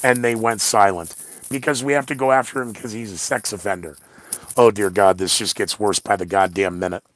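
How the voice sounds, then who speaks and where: A man's voice: on the low side, fairly even intonation, brisk, a bit bright, no echo. A man hosting his own podcast, talking in a rambling, blunt monologue full of sarcastic asides. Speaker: podcast host.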